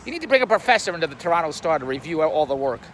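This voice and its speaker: A man's voice: a little high, big pitch swings, racing, slight background noise. An older man giving a blunt, rambling monologue to a camera on a tripod, repeating words and laughing at his own jokes. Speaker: YouTube commentator.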